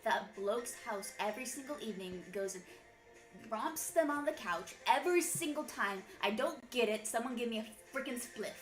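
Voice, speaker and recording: A woman's voice: on the high side, animated, moderate pace, roomy sound, soft background music, natural voice, rough recording. A woman playing a sulky, slang-heavy British youth, with her voice barely changed. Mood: grumbling.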